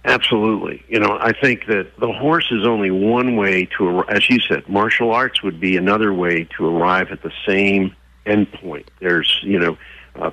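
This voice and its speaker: A man's voice: low voice, dry recording, poor audio. A man being interviewed as an author, talking about horses and energy and acting out voices as he tells stories. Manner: animated storyteller who acts out voices. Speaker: guest, author. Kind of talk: interview conversation with storytelling.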